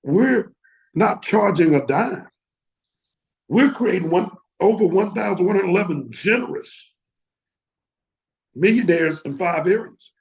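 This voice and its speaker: High-voiced gravelly man preaching. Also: lively intonation, unhurried, long pauses, low-quality recording. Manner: fervent, exclaims and laughs often. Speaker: academy leader addressing members. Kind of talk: motivational preaching.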